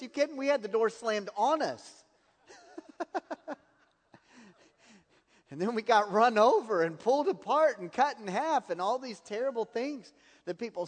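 A man's voice: high-pitched, in a large hall. A man preaching a sermon, telling personal stories and laughing at his own anecdotes.

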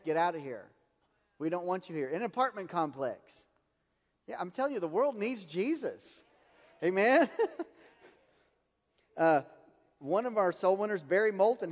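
A man's voice: high voice, big-room sound. A man preaching a sermon, telling personal stories and laughing at his own anecdotes.

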